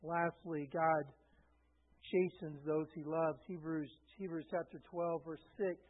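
A middle-aged man delivers a conversational sermon with a voice pitched high for a man. He is earnest and informal, and he keeps checking in with his listeners. The recording is thin and tinny, like a phone line. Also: fairly even intonation, measured pace. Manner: earnest, informal, talks to the room directly. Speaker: preacher.

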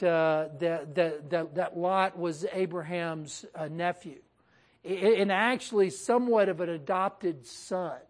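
Animated woman leading a Bible study. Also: mid-range voice. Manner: animated, talks straight to her group, acts out quotes. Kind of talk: conversational Bible teaching.

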